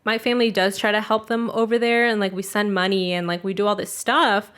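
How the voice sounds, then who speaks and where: A woman's voice: mid-range voice, fairly even intonation, brisk, fairly bright tone, smooth. A young woman co-hosting a podcast, telling a family story in a loose, casual way, full of 'like' and swearing. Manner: loose and profane, heavy use of 'like'. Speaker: podcast co-host.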